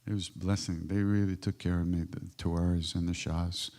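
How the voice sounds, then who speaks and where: An older man from the United States tells spiritual stories to an audience. His voice is very low, gravelly and mellow, and he moves between a relaxed drift and sudden emphatic bursts. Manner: unhurried, warm-hearted anecdotes with emphatic bursts. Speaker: spiritual teacher answering audience questions. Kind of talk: reflective storytelling.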